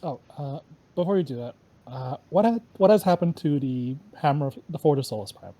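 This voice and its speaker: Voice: medium pitch, animated, fairly quick, warm tone, no echo. A tabletop game player speaking in a stiff, formal, robot-like way. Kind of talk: casual tabletop play.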